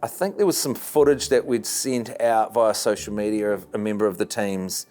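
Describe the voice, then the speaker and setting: A man, recalling events in a documentary interview with a measured, wry delivery. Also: lowish voice, a little mellow, soft background music.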